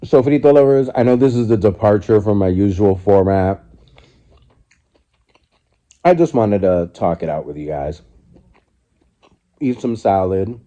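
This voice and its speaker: A man's voice: low voice, measured pace, long pauses, mellow, lo-fi sound. A man in his forties talking reflectively and candidly while eating on his living room couch, recorded on his phone. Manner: reflective, candid, speaks in loose restarts. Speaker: vlogger. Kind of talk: casual mukbang vlog.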